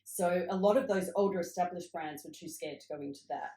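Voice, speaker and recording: Low-voiced woman, echoey room. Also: a little fast, mellow. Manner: reflective storytelling, upbeat. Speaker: cosmetics founder, guest. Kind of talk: casual interview conversation.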